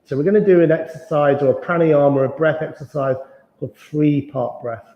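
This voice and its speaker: A calm man leading a yoga class with slow, soothing breathing cues. His voice is mellow and dark. The sound is dull and lo-fi, with a long, roomy reverb around it. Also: a little high. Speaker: yoga instructor. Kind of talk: guided yoga class instruction.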